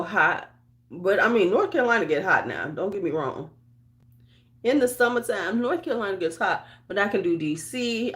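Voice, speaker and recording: A woman's voice: medium pitch, fairly bright tone. A woman with a Chicago accent, a beauty vlogger in casual livestream chat, rambling with lots of fillers and restarts and greeting viewers by name. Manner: talks to viewers by name while getting ready.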